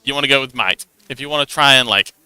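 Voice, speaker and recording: A man's voice: mid-range voice, quick pace, sharp tone, clean tone, dry recording. A young man hosting a livestream, casually explaining how a tabletop game works, giggling and rambling with lots of restarts. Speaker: livestream host.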